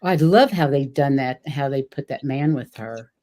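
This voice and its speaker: A woman's voice: a bass voice, lively intonation, moderate pace, warm tone. A woman host reacting briefly and with amusement in an interview chat.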